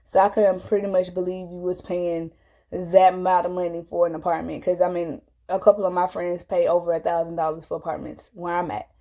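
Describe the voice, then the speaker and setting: A woman telling a personal story to camera, animated and emotional, her voice jumping high when she quotes herself. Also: a little fast. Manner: animated, jumps high when quoting herself, tearful at moments.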